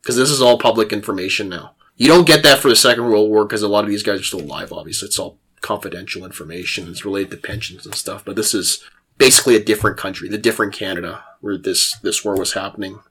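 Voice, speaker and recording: A male podcast host telling a war story in casual chat, animated and laughing, with frequent restarts. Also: on the low side, fast talker, breathy edge.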